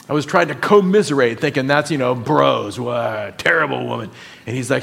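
A man preaching a sermon to his church, slow and emphatic, building on repeated phrases. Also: mid-range voice, gravelly, a bit bright. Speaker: pastor.

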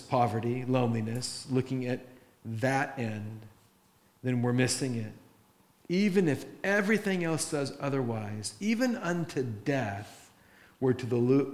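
Animated male preacher in an echoey room. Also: medium pitch. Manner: animated preaching, acts out prayers in voices. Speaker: pastor. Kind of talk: sermon. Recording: roomy echo.

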